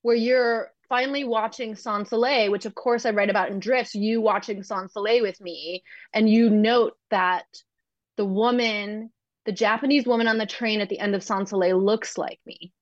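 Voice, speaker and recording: A woman's voice: medium pitch, steady tone, moderate pace, no echo. A woman talking thoughtfully as a guest author, often circling back and restarting her sentences. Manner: thoughtful, searching, frequent restarts. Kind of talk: reflective conversation. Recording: slightly muffled dry recording.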